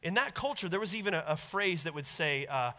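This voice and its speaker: Bright-voiced man preaching in a reverberant hall. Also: on the high side, a little fast. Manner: animated, conversational, acts out quoted voices. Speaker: pastor. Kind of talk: sermon.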